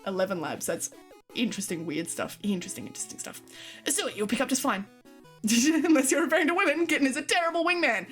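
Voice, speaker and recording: Young woman, streamer, high voice, exaggerated delivery, casual swearing, faint music behind. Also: animated, fast talker, fairly bright tone. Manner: swears casually, laughs often. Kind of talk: casual live-stream chat.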